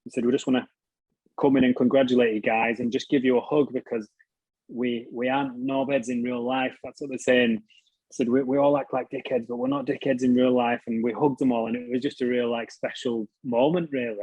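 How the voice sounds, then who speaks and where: A man's voice: mid-range voice, flat delivery, brisk, a little mellow, husky, dry recording, poor audio. A British man telling stories as an interview guest, casually, swearing freely and laughing at himself. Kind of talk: casual storytelling.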